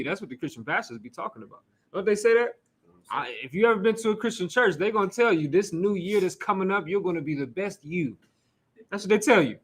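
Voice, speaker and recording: A man with a high, bright voice preaches to a small class in a loose, talky way. He keeps asking the room questions and slips in laughs and swearing. He sounds relaxed and street-casual rather than formal. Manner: casual, conversational, rhetorical questions, occasional cursing. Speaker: teacher leading a scripture class. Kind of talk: informal sermon.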